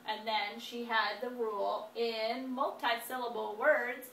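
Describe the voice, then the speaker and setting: A woman in her thirties teaching spelling, dictating words slowly and deliberately with frequent fillers. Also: fairly high pitch, steady tone, a bit bright. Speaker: homeschool teacher. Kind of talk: instructional demonstration. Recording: echoey room, distant mic, faint noise.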